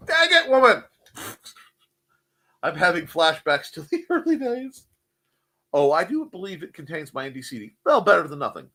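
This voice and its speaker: A man's voice: high-pitched, very animated, moderate pace, long pauses, sharp tone. A man hosting a casual morning show, joking, rambling and reading out chat messages. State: cold.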